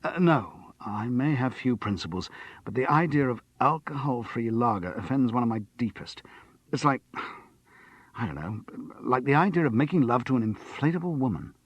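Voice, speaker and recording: A man's voice: medium pitch, expressive, moderate pace, breathy edge, no echo, highs cut off, voice pushed up. A man voicing a dry, self-mocking middle-aged actor who has sworn off drink. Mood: firm. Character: wry middle-aged male actor on the wagon.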